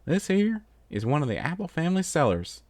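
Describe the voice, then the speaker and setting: A man's voice: fairly high pitch, very animated, brisk, a little mellow, no room sound, pitched above the performer's own voice. A proud, folksy farm mare drawls, as a man puts her on. Her voice is raised and lifts well above a plain speaking voice. The sound is dry and close.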